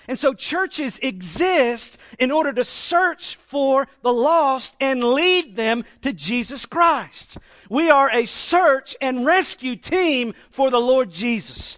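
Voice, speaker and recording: A male pastor preaching a sermon emphatically, swinging between hushed and loud and asking the congregation rhetorical questions. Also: sits high, no echo, clean studio sound.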